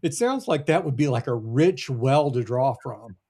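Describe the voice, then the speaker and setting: Podcast host, joking interviewer, husky tone, pitch that swings widely. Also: animated, moderate pace, mellow. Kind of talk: casual interview chat.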